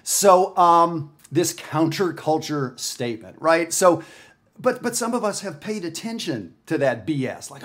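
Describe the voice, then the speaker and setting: A man's voice: on the high side, big pitch swings, a little slow, fairly bright tone. Chatty Canadian man teaching jazz. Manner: conversational, emphatic, frequent "right?". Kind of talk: casual video lesson. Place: home studio with his dog.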